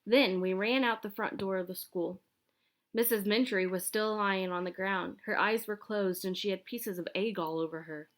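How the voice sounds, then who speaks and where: A woman reading a children's chapter book aloud in a lively, expressive storytelling manner. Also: medium pitch, moderate pace. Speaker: audiobook reader.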